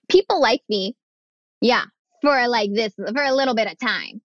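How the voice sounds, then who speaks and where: A woman's voice: on the high side, normal speed. A young woman talks candidly as a podcast guest, acting out the voices of people in her stories with a frank, sometimes profane edge. Her voice comes through dull and slightly lo-fi, with a dry, close sound and no room echo. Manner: animated, acts out quoted voices, frank and profane. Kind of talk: candid conversational storytelling.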